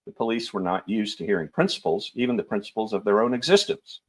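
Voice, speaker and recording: A middle-aged man reading a novel aloud on his show in an unhurried, lightly theatrical way. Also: lowish voice, expressive.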